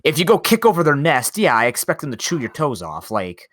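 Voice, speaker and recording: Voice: mid-range voice, big pitch swings, a little fast, fairly bright tone. A young podcast co-host making teasing, sarcastic jokes in casual chat.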